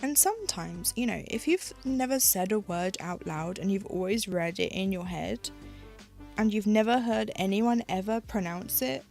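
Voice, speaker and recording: A British woman chats to her stream while she stitches, rambling from one thought to the next with lots of fillers and self-aware jokes. Her voice sits at an ordinary pitch but carries a gravelly, fry-heavy texture. Quiet music plays faintly in the background. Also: expressive, normal speed. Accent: British English. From United Kingdom. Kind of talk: casual chat while cross-stitching. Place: at home.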